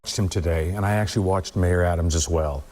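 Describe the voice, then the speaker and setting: A man's voice: sits low, fairly even intonation, quick pace, a little mellow. A man commentating on a cable news panel, confident and emphatic.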